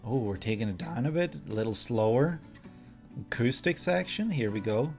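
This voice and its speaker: A man's voice: medium pitch, animated, normal speed, gravelly, darkish tone, soft background music. A man hosting a reaction video, thinking aloud in casual commentary with frequent hesitations.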